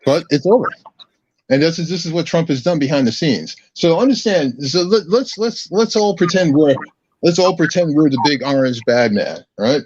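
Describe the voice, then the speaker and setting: A man's voice: on the high side, lively intonation, moderate pace, darkish tone, husky, no echo. A man ranting combatively in a casual political chat as a podcast guest, restarting his phrases often. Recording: dull lo-fi audio, dry.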